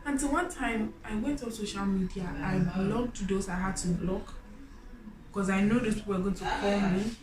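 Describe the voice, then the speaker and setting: A young woman telling her own story in an expressive way, jumping from loud exclamations to quiet, low confiding. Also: normal speed. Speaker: vlogger. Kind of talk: personal storytelling. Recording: echoey room.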